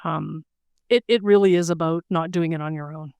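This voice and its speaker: A woman's voice: deep voice, steady tone, moderate pace, vocal fry, darkish tone, clean tone, no echo. A middle-aged woman, an interview guest, telling stories casually and acting out quotes with animation. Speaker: interview guest, weightlifter and lawyer. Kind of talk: casual storytelling.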